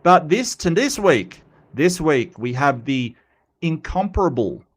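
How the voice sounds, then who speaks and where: Guy hosting a chatty stream, kinda rough from a cold, keeps tripping over his words and joking around. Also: fairly high pitch, very animated, unhurried. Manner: rambling, joking, repeats himself and stumbles. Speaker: host of a commentary channel. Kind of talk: casual livestream commentary.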